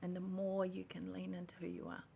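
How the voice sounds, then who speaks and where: Earnest woman podcaster with gravelly fry. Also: on the low side, very animated, a little fast, dark tone, slight background noise. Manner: earnest and heartfelt, with self-repairs. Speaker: podcast host. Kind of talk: reflective personal monologue.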